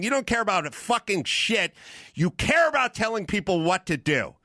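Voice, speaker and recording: A man hosting a podcast, delivering a heated, profane rant with emphatic repetition and bursts of shouting. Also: high voice, very animated, fairly quick, dry recording, clean studio sound. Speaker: podcast host.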